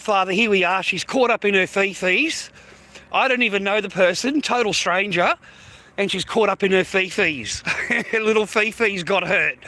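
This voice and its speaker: Sweary high-voiced Australian bloke ranting. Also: male voice, pushed and bright. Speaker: livestreamer. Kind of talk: rambling rant to viewers.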